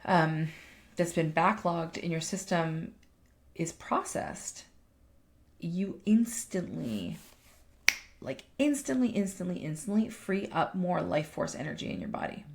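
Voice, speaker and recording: A woman's voice: lowish voice, animated, measured pace, gravelly, slight background noise. A woman life coach and podcast co-host chatting casually, emphatic, swearing freely and often restarting her sentences. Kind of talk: casual chat.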